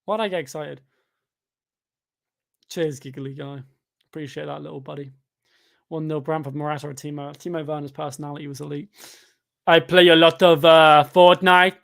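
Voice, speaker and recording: Young guy hosting a footy watchalong, fed up and sarcastic, fake play-by-play, kinda high voice. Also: flat delivery, moderate pace, vocal fry, long pauses, fairly bright tone. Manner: sarcastic, exasperated mock commentary. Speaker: fan channel host. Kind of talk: live football watchalong chat.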